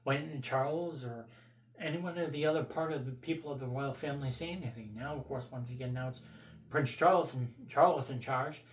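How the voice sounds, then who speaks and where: A man's voice: mid-range voice, fairly quick, roomy sound. A man vlogging his opinions in a blunt, profane, rambling rant.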